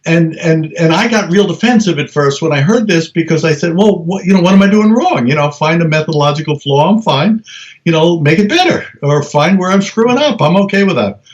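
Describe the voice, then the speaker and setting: A middle-aged man tells stories in an interview, and he sits a little high in pitch. He restarts his sentences often and speeds up as he goes. The recording is slightly dull and lo-fi. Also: a little fast. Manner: animated storyteller, many restarts, acts out quoted voices. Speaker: guest researcher. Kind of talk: conversational interview.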